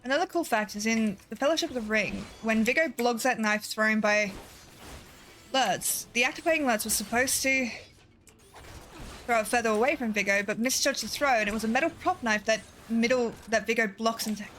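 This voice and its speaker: A woman's voice: fairly high pitch, normal speed, fairly bright tone, slight background noise. A woman streaming a game, chatting casually, swearing freely and laughing often. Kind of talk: casual gameplay chat.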